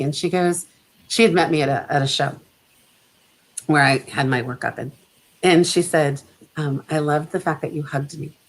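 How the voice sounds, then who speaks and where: A woman's voice: deep voice, low-quality recording. A middle-aged woman speaking as a guest on a video call, reflective and chatty, laughing often. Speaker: guest photographer. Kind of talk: casual chat.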